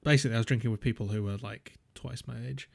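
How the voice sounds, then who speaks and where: A man's voice: mid-range voice, steady tone, fast talker, vocal fry, husky. A young man, co-hosting a podcast and telling rambling stories in a casual chat, full of "um"s and swearing. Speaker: podcast co-host.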